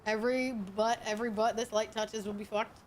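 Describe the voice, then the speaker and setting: A young woman streaming a game, chatting casually with crude, teasing humor and loud bursts of laughter. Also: mid-range voice, fairly even intonation, a little fast, slight background noise.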